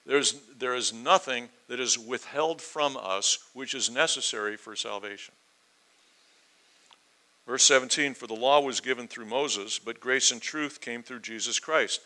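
Male preacher, bright forceful tone, earnest and emphatic verse-by-verse sermon delivery. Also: medium pitch, measured pace, low-quality recording. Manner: earnest, emphatic, with rising intensity and quoted questions.

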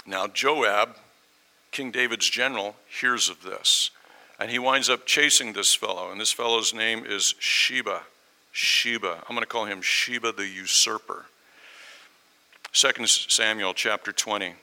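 A man's voice: on the low side, a little slow, sharp tone, poor audio. A man preaching a sermon, telling a story and acting out the voices in it. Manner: storytelling, acts out quoted voices.

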